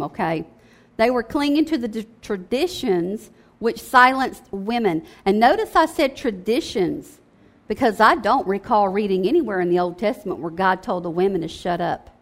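A woman preaching a sermon in a conversational, emphatic way, often checking in with "okay?". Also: mid-range voice.

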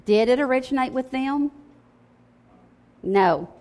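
A woman's voice: high voice, animated, slow, a little mellow. A woman preaching a sermon in a conversational, emphatic way, often checking in with "okay?".

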